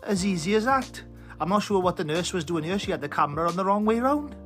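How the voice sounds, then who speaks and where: A man's voice: high voice, lively intonation, fast talker, a bit bright, soft background music. A South Welsh man delivering a profane, exasperated comic monologue to camera, ranting and swearing freely. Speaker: comedy TikTok creator.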